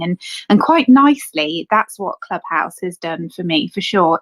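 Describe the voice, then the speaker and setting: A woman's voice: mid-range voice, low-quality recording. A woman who works as a coach and mentor, speaking earnestly and upbeat as a guest in a casual audio room. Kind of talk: casual chat.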